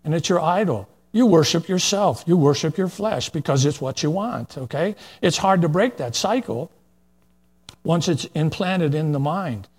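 A man's voice: a little high, expressive, moderate pace, a little mellow, husky. An older man preaching a plain-spoken, folksy verse-by-verse sermon, with asides and fillers as he reads scripture.

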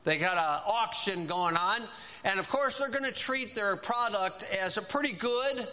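A man preaching in a conversational, animated way, retelling a story and acting out its characters. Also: high-pitched, measured pace. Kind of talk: sermon storytelling.

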